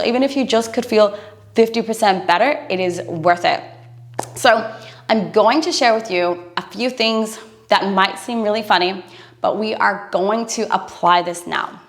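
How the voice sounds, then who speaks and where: An earnest woman coaching listeners through breathing habits. She speaks at a middle pitch with an encouraging, instructive tone, as if talking straight to camera.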